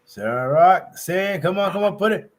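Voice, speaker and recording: Lively, playful male panel host. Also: high-pitched, a little slow, very noisy. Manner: playful, animated, slangy. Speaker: panel moderator. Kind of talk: casual panel hosting.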